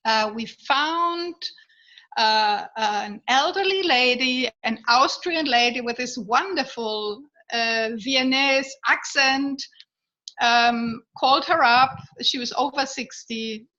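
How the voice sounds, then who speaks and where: A woman telling a personal story in a casual way, pausing often with fillers and restarts and laughing now and then. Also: on the high side, pushed and bright. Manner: halting, with many fillers and restarts. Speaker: guest sharing a birth story. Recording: dull lo-fi audio.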